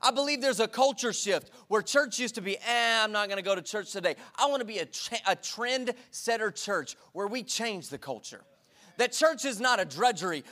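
A man preaching a sermon in a church, energetic and repetitive, calling for responses from the congregation. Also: high voice. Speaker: pastor. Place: church sanctuary.

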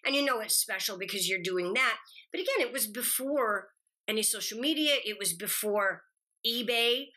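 Bright, animated woman telling stories. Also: a little high, normal speed. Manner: animated storyteller acting out quotes. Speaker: guest actress. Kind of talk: casual interview chat.

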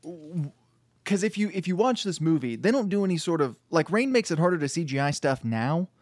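Guy ranting about a movie, kinda high voice, annoyed, dry close sound. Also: animated, brisk, a little mellow, no room sound. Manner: exasperated, ranting. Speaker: podcast co-host. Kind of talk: casual movie review chat.

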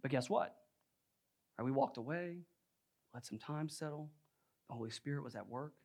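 A man's voice: medium pitch, normal speed, long pauses, darkish tone, slightly rough. A young adult male pastor preaching a sermon in a conversational, storytelling way, often saying "like" and "right?".

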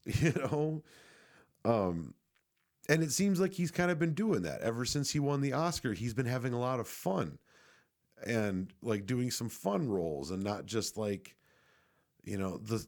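A man's voice: fairly low pitch, very animated, measured pace. A young man giving a casual, rambling movie review, swearing freely and restarting his sentences often. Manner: rambling, profane, frequent restarts and fillers.

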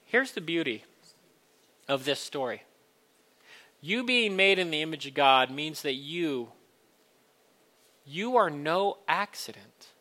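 A man's voice: fairly high pitch, expressive, slow, long pauses, bright, forceful tone. A man preaching a sermon to a congregation, earnest and building to emphatic questions. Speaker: pastor.

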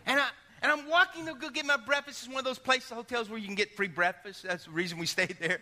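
A high-pitched male pastor preaches in an animated way, rising to shouts and then dropping low. His bright, forceful tone carries through a church sanctuary with a long, echoing reverb. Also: fast. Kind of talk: sermon.

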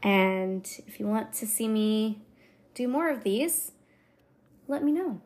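A woman's voice: fairly high pitch, animated, slow pace, darkish tone. A woman hosting a podcast, answering book reviews in a sarcastic, playful casual chat. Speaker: podcast host.

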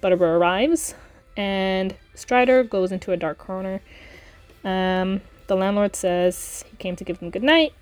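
A woman's voice: mid-range voice, a little slow, darkish tone, clear, resonant tone. A woman hosting a podcast, reading a book aloud with chatty commentary, laughing often and filling with ums. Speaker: podcast host and reader.

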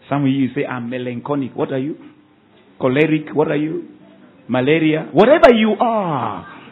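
A man, a pastor preaching a sermon with call-and-response and quick rhetorical questions at a church service. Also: fairly high pitch, lively intonation, husky. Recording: tinny phone-like sound, faint ambience.

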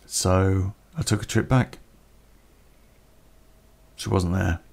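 Gravelly man telling a story. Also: deep voice, fairly even intonation, darkish tone. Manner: plain-spoken, unhurried, with pauses. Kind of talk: personal story told to a podcast.

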